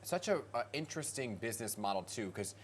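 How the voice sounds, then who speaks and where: A man co-hosting a live morning TV show. He talks fast, and his voice jumps lively up and down in a chatty, animated manner. He is recorded on a studio set with a lapel mic, over faint background noise. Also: mid-range voice. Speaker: TV news anchor.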